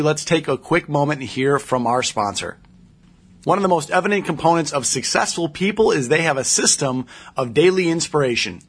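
An upbeat man hosts a podcast and reads the sponsor message himself. His voice is husky and sits a little high. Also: fairly bright tone. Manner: upbeat, enthusiastic. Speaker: podcast host. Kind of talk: podcast hosting with sponsor read.

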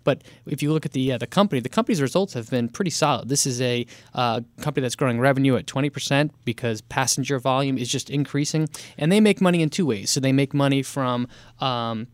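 A man co-hosting an investing podcast, explaining companies in a steady, matter-of-fact way. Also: medium pitch, quick pace, dry recording. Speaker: podcast co-host analyst. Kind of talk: casual investing podcast chat.

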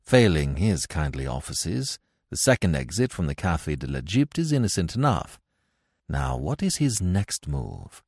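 A man voicing a terse, commanding male investigator in a clipped, brisk way. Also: deep voice, very animated, darkish tone, breathy edge, no room sound, studio quality, voice pushed down, exaggerated voice. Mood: musing.

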